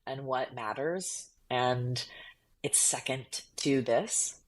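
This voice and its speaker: A woman's voice: rumbling low, slow. A woman actor as a podcast guest, telling reflective personal stories in casual chat.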